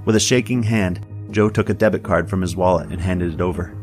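Low-voiced guy reading a story like an audiobook, even and steady, soft music under it. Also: fairly quick. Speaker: narrator. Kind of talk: audiobook narration.

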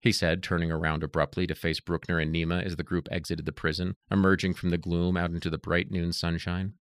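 A man narrating an audiobook in a steady, even reading voice. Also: low-pitched, a little fast, dry recording.

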